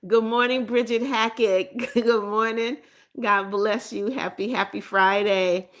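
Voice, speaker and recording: Reading her chat aloud during a casual live stream, this host speaks with a fairly high pitch, fairly even intonation, and a measured pace. Frequent laughter and blessings for viewers mix with repeated phrases and mild scolding.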